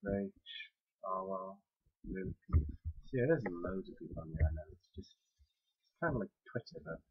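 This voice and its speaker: A man's voice: on the low side, vocal fry, husky. A young man with a Welsh accent, rambling casually through questions in an audio post, hesitant and full of fillers. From Wales. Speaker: audio blogger. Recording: dull lo-fi home recording.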